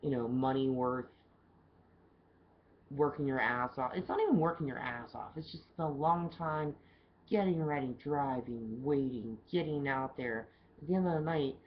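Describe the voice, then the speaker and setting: Low-voiced woman, chatty video diary. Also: slight background noise. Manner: chatty, loose storytelling with swearing. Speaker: event bartender keeping a video diary. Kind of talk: casual video diary storytelling. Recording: dull lo-fi camera audio with faint background ambience.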